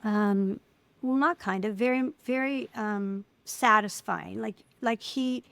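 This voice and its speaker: A middle-aged woman speaking as an interview guest, telling personal stories in an animated way and acting out the voices of people she quotes. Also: medium pitch, slow, vocal fry, no room sound. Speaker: guest, filmmaker. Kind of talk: casual interview conversation.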